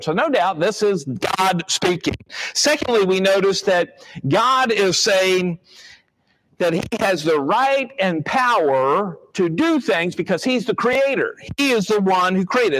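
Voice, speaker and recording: A man's voice: sits high, a bit bright, poor audio. A man preaching a sermon, reading scripture aloud and explaining it verse by verse.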